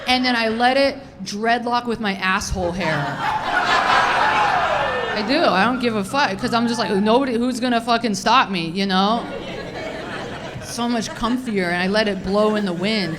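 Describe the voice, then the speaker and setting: A young woman doing a stand-up comedy set, crude and unfiltered, rambling with lots of "dude" and "like", her voice a little raspy. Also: on the high side, very noisy. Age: young adult.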